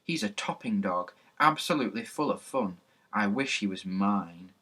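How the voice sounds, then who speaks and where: A man's voice: fairly low pitch, expressive, normal speed, sharp tone. A man voicing a chatty young schoolboy who asks questions and shares gossip. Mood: curious.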